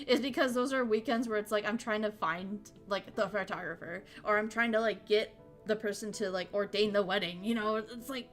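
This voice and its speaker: A woman's voice: mid-range voice, fairly even intonation, fairly quick, fairly bright tone, faint music behind. A young woman streaming in casual chat, talking frankly, swearing freely and laughing often.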